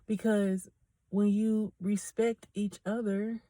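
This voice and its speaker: Woman host, mid-pitched, dry close sound, earnest chatty faith talk with frequent laughs. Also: level tone, slow pace, warm tone, no echo. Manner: earnest, chatty, addresses listeners as y'all; laughs often between phrases. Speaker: podcast host. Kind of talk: casual faith talk and personal testimony.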